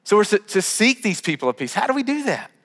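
A man's voice: sits high, big pitch swings, fast, fairly bright tone, big-room sound. A male pastor preaching a sermon in a conversational way, often repeating words as he starts sentences.

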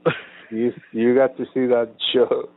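A man's voice: medium pitch, little pitch movement, measured pace, dry recording. A man co-hosting a casual chat, a rambling and profane storyteller. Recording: phone-like lo-fi line.

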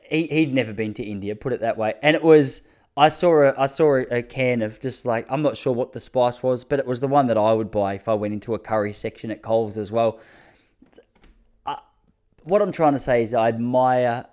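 Here an Australian guy in his thirties, mid-range in pitch with a darkish tone, rattles off casual comic stories. He's crude, pokes fun at himself, and cracks up at his own punchlines.

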